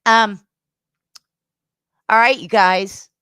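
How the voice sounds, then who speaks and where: A woman hosting a livestream game show, chatting casually with viewers and giving rambling, affectionate shout-outs with lots of fillers. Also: medium pitch, steady tone, extremely slow, smooth, no echo, clean studio sound.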